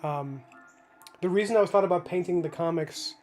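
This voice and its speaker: Faint music plays behind a high-pitched, brisk, darkish voice belonging to a thirtysomething comic artist. Painting on a livestream from his home studio, he chats casually with viewers, thinking out loud in a rambling way full of restarts and fillers.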